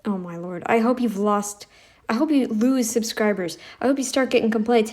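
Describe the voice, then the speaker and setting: Mocking sarcastic woman reacting to a clip, bit high voice, phone mic. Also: normal speed, a little mellow. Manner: blunt, mocking, scornful. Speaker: reaction commentator.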